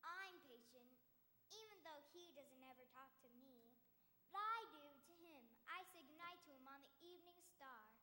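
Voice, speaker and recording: A woman's voice: high voice, normal speed, bright, forceful tone. A performer playing an earnest, chatty young girl in a stage musical, heard from a distance in an echoey theatre. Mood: wistful.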